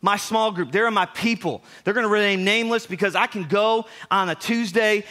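Young male pastor, high and bright voice, chatty animated sermon delivery. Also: moderate pace. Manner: conversational, animated preaching with asides.

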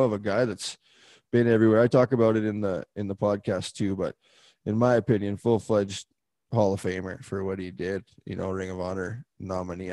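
Profane, animated male podcast co-host. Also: lowish voice, dry recording. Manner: profane, laughing, animated retelling. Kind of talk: casual storytelling chat.

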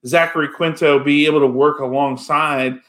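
A man's voice: on the high side, fairly even intonation, normal speed, a bit bright. Rambling man in casual chat. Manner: rambling, full of "you know" fillers.

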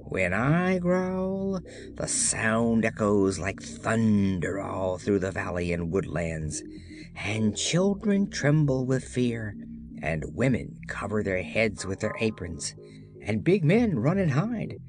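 A proud, touchy storybook beast, as a reader puts him on, boasting in a lively, swooping voice. He speaks slowly and emphatically. Soft music plays faintly underneath. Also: mid-range voice, voice pushed down. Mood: boastful. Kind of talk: audiobook character voice.

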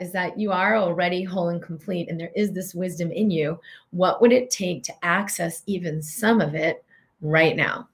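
A middle-aged woman giving an earnest, reflective talk as a wellness coach, guiding listeners with questions. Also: lowish voice.

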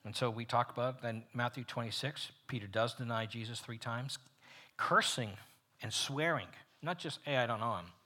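Man teaching a Bible study, bright husky voice, animated, loud peaks and near-whispered drops. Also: mid-range voice, moderate pace.

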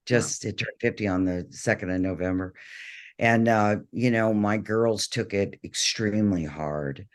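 A man's voice: on the low side, a little slow. A middle-aged man telling stories as an interview guest, rambling with many fillers and restarts over a video call. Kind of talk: casual interview storytelling.

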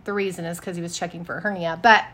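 A woman in her thirties co-hosting a casual podcast chat, telling lively stories and acting out what people said. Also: fairly low pitch, very fast. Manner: animated storyteller, acts out quotes. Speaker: podcast co-host.

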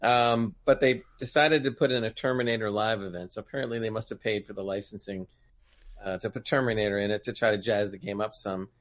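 A man's voice: on the low side, steady tone, a little fast. A man in a casual live-stream chat, talking at length, cutting in on others and laughing often. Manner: rambling, talks over others, laughs often.

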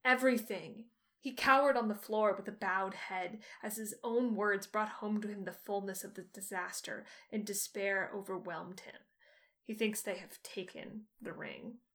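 A woman's voice: medium pitch, moderate pace. A woman co-hosting a casual book discussion podcast, reading dialogue aloud with feeling. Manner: expressive, reads dialogue with feeling. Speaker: podcast co-host.

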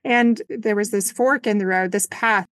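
A woman's voice: medium pitch, normal speed, no echo, clean studio sound. A woman hosting a podcast interview, affirming and reflective. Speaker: podcast host. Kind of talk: interview chat.

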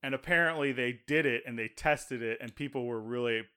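A man's voice: medium pitch, fairly quick, sharp tone, clean tone. A man co-hosting a podcast, giving loose, chatty commentary on a movie with lots of asides. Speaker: podcast co-host. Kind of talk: casual movie recap chat.

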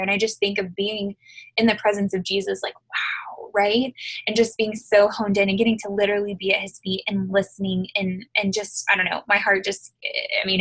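A woman's voice: mid-range voice, a bit bright, slightly rough, low-quality recording. A woman giving a casual devotional talk over a video call from her living room, chatty and full of fillers and tag questions. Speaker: devotional speaker.

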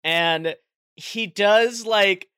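A man co-hosting a podcast in joking, casual chat. His voice sits high and sounds smooth and bright. The recording is close and dry. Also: drawn-out words, no echo. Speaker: podcast co-host.

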